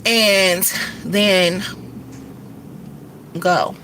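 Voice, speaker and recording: Middle-aged woman, rambling casual vlog talk, speeds up and swears freely, bright, forceful tone. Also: lowish voice, fairly even intonation, a little hiss or hum. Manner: fast-talking, profane, rambling. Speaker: vlogger and rideshare driver. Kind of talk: casual chat to camera.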